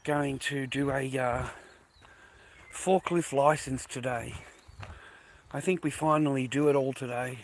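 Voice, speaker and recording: A man's voice: mid-range voice, steady tone, measured pace, long pauses, slight background noise. A tired, middle-aged man with an Australian accent, rambling and swearing as he talks to his viewers while walking outdoors. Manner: rambling, swears a lot, addresses viewers as mate and boys. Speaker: vlogger. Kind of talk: casual rambling monologue to viewers. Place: outdoors, walking to a bus stop early in the morning.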